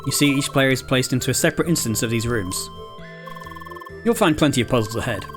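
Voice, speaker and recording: A man voicing a calm, formal guide character who explains things in measured, proper speech. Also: mid-range voice, close to an everyday voice. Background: game music.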